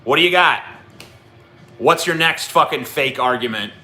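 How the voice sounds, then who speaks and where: A man's voice: fairly high pitch, normal speed, pauses often, pushed and bright. A man hosting a livestream, ranting profanely and combatively at his chat. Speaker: livestream host.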